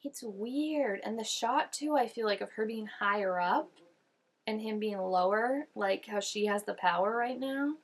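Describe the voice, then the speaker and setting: A woman's voice: medium pitch, a little slow. A young woman hosting a TV reaction video, talking casually and musing aloud, full of "like" and "I don't know". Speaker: TV reaction host.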